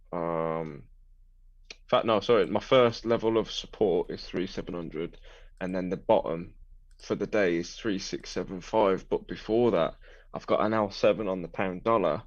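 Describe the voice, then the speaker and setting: A man's voice: sits low, highs cut off. A man co-hosting a live trading show, chatting casually with matey banter and calling his co-host "mate".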